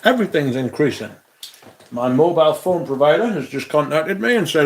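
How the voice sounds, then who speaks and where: A man's voice: a little high, lively intonation, a little fast. A man hosting a casual livestream from his room at home, talking to viewers while he tidies, sweary and theatrical. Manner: sweary, theatrical, grumbling to himself. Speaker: livestream host. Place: room at home, moving about while tidying.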